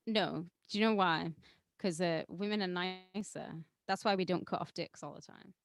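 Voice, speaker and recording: A woman co-hosting a podcast in casual chat, teasing and lively. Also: fairly low pitch, normal speed, no echo, clean studio sound. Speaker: podcast co-host.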